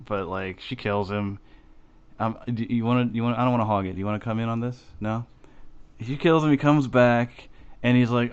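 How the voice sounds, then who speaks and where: Profane rambling man, low and smooth. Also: dull audio. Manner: profane, rambling, animated retelling. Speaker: podcast co-host. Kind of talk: casual chat.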